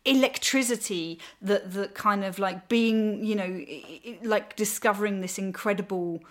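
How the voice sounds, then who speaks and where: A woman's voice: medium pitch, moderate pace, fairly bright tone. A woman in her forties chatting casually as a podcast guest, rambling with fillers and restarts and laughing easily. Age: 40s.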